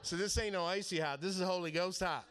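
A man's voice: high voice, quick pace, background noise. A man preaching in a casual storytelling way, laughing as he acts out the conversations in his story. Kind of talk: storytelling sermon.

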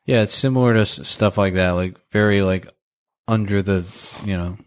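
A young man talks through a film in a loose, rambling way, laughing often and restarting his sentences. His voice sits a bit low. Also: normal speed, clear, resonant tone. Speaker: podcast co-host reviewing a movie. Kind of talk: casual chat.

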